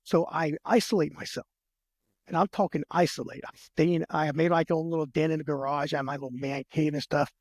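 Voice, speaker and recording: A man's voice: fairly high pitch, fairly even intonation, darkish tone, no room sound, clean studio sound. A man, a military veteran, telling his personal story as a podcast guest, earnest and heartfelt, with frequent restarts and repeated words. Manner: earnest, heartfelt, retells conversations in quick back-and-forth.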